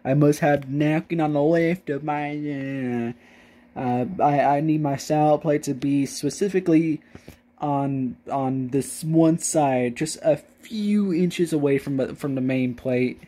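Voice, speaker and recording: A young man putting on the voice of a snooty, pompous fancy gentleman. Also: a little high, slow pace. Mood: haughty. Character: snooty posh man of fancy cultured folk.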